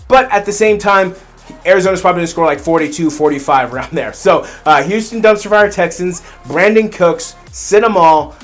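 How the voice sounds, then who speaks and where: Solo fantasy sports host, male, high-pitched, repetitive and heated delivery, faint music underneath. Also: brisk. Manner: rambling, repeats phrases, fires up into ranting. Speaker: fantasy football podcast host.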